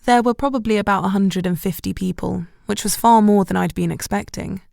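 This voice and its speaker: A woman's voice: medium pitch, a little fast, creaky, darkish tone, no echo, studio quality. A woman narrating a romantic novel in the first person as an audiobook.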